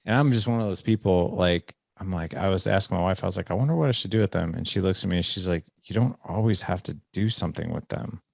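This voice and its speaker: Low gravelly man, rambling storyteller. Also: fast talker, few pauses, no room sound, studio quality. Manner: rambling, self-deprecating storyteller. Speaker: podcast host. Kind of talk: casual podcast conversation.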